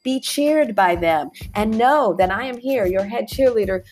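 A woman's voice: on the high side, lively intonation, a little slow, a little mellow. A woman hosting a motivational podcast, talking in an encouraging, repetitive way and often saying "y'all". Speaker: podcast host.

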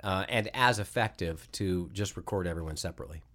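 A voice actor guest in casual chat, a man answering questions in a relaxed, thoughtful way with frequent restarts. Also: deep voice, quick pace.

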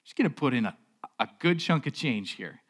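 A man preaching a sermon as a pastor in a relaxed, conversational way. He often repeats a word as he goes and asks the congregation rhetorical questions. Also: mid-range voice, brisk. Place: church stage.

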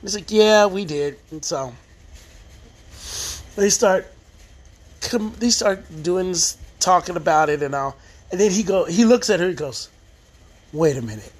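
A man's voice: sits high, measured pace, pauses often. A man casually recapping a TV episode as a reviewer, rambling and restarting his sentences while acting out the quoted lines. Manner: rambling storyteller who restarts phrases; acts out quoted lines in retelling. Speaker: TV show reviewer.

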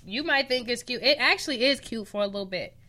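Female co-host, playful and animated, bright higher voice. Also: fast. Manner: playful, laughs often, animated. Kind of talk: casual pop culture chat.

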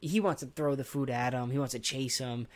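A man's voice: medium pitch, fairly quick. A young man co-hosting a comedy podcast in casual chat, rambling in a laid-back way with many ums. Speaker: podcast co-host.

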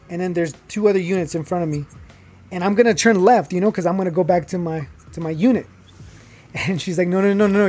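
High-voiced man telling a story. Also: husky. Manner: animated, acts out quotes, many fillers. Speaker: guest telling his story. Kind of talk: casual storytelling.

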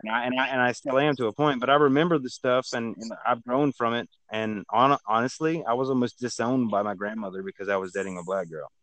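A man's voice: mid-range voice, fast talker, hardly any pauses, a bit bright, dry recording. A man in casual chat, speaking hesitantly with many restarts and fillers.

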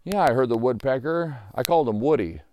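A man's voice: mid-range voice, expressive, fairly quick, darkish tone, a little hiss or hum, natural voice. A man voicing a naive, curious young orphan boy who keeps asking eager questions. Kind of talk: storytelling voice acting.

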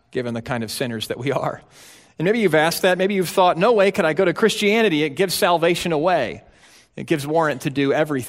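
A man preaching a sermon as pastor, emphatic, swinging between quiet, low passages and loud, urgent ones.

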